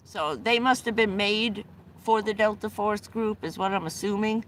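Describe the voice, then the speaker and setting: A middle-aged woman livestreaming from inside a vehicle, wandering through personal anecdotes in a loose, chatty way. Her voice sits at an ordinary middle pitch, and she doubles back and restarts her sentences often. A faint hum of the vehicle stays underneath her. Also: fairly even intonation, normal speed, fairly bright tone. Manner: rambling, restarts often, laughs between anecdotes. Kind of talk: casual storytelling on a livestream.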